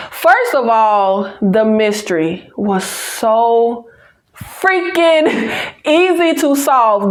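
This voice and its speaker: A woman from the American South with a Southern accent, hosting a casual movie review channel and chatting to viewers in a sassy, teasing way. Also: on the high side.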